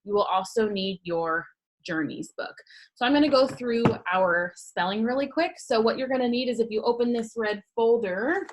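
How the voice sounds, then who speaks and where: A woman's voice: fairly high pitch, moderate pace, noisy background. Young female grade-school teacher, remote class, cheerful step-by-step explainer. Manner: upbeat, patient, explains step by step. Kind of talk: remote lesson to young students.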